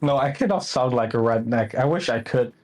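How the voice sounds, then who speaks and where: A man's voice: mid-range voice, a little fast, a little mellow. A man from the Netherlands with a Dutch accent, telling a rambling anecdote on a live stream in casual chat.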